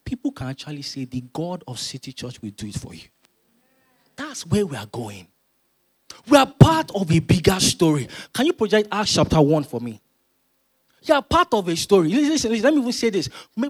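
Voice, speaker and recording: A man, preaching a sermon as pastor, emphatic and repeating phrases as he builds to loud exhortation. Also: sits high. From Nigeria.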